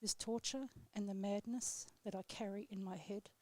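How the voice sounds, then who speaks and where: A woman on live radio reading her own poem aloud in a steady, measured way, then chatting with the host. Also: mid-range voice. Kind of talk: poetry reading, then casual chat. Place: radio studio.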